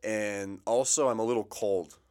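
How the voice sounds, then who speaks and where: A man's voice: lowish voice, steady tone, moderate pace, darkish tone. A man co-hosting a podcast, chatting in a laid-back, joking way in a small office. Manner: laid-back, joking, says "bro" and "dude". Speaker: podcast co-host. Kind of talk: casual chat.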